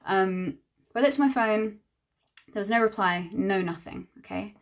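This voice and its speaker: Speaking at normal speed in a mid-range voice, a young hairstylist tells a storytime as she applies her makeup. She's chatty and exasperated, and she performs the other people's quoted dialogue.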